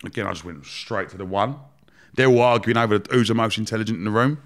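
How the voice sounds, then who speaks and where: A man's voice: lowish voice, fast talker. A man, a podcast guest telling rambling, laughing anecdotes with casual swearing. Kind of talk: casual storytelling interview.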